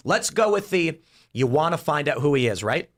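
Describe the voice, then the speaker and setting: A man's voice: fairly high pitch, normal speed. A man hosting a political panel podcast, talking through hypotheticals and acting out the voices in them. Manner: animated, acts out voices in hypotheticals. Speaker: podcast host.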